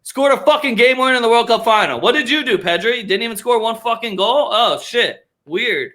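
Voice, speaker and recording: A man's voice: very high voice, lively intonation, a little fast, bright, forceful tone. A man hosting a casual sports podcast, ranting with heavy swearing and sarcasm. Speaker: podcast host.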